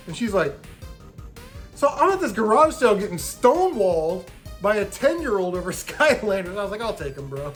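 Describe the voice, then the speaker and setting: A man's voice: sits high, sing-song, moderate pace, pauses often, soft background music. A man casually telling stories from his video game hunting trip, swearing freely and mimicking the people he bargained with. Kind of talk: casual storytelling vlog.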